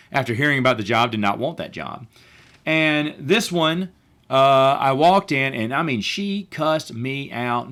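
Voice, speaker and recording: A man's voice: mid-range voice, fairly bright tone. A man telling a long personal story late at night, rambling and restarting his sentences. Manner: rambling, restarts often, says he is tired. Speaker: podcast host. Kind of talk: casual storytelling monologue.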